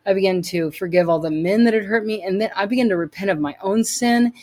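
An earnest woman speaks as an interview guest, sharing her personal faith testimony. Her voice sits at an ordinary middle pitch, and she leans on repeated phrases to drive each point home. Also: fast talker, a little mellow.

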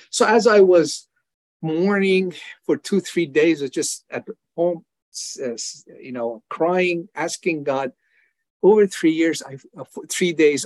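An older man tells his testimony in an interview, earnest and heartfelt. His voice sits fairly high for a man. The sound is close and dry. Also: no room sound. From Iran. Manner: earnest, acts out prayers and voices in dialogue. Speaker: evangelist guest.

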